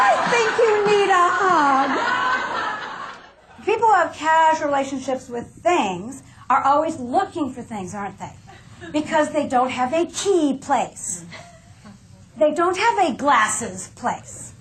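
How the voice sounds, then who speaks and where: A woman's voice: sits high, roomy sound, slight background noise, low-quality recording. A woman speaker giving a humorous keynote talk, acting out the voices of the people she describes. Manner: comic, acts out quoted voices.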